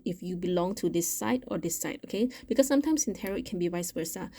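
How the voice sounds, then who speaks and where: A woman talks through a tarot card reading in a casual, chatty way. Her voice is mellow and warm, sitting at an ordinary middle pitch. She thinks aloud, often restarting her sentences. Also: slight background noise. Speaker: tarot reader.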